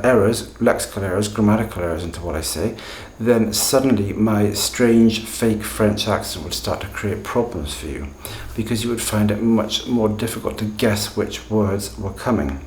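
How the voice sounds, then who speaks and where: Male teacher, lowish voice, deliberate and emphatic, recorded in an echoey room. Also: darkish tone, slight background noise. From Britain. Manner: deliberate, emphatic, tag questions. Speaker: language teacher, channel host. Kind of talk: explanatory video lesson.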